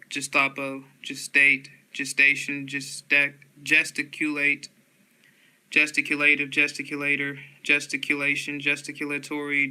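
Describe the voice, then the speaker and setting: A man slowly reading dictionary headwords aloud in a flat monotone, often restarting words. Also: on the high side, clear, resonant tone, poor audio.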